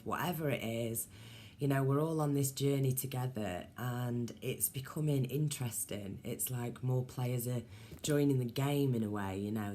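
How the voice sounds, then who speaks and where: Woman, extremely low voice, mellow dark tone, meandering casual vlog chat full of ums. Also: slight background noise. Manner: musing, meandering, many ums and asides. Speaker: vlogger. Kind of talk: rambling casual monologue to viewers.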